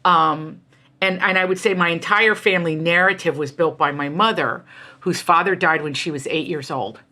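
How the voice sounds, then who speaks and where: A woman's voice: lowish voice, normal speed, sharp tone. A middle-aged woman from the United States, an author being interviewed, telling family stories in a passionate, emphatic way. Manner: passionate, emphatic, jumps into quoted voices. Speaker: author and guest. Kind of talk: animated conversational storytelling.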